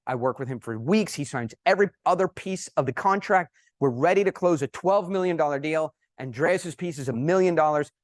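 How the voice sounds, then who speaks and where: A man giving a conference presentation, telling anecdotes in an animated, emphatic way. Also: a little high, dry recording, studio quality. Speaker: conference speaker. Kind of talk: presentation with storytelling.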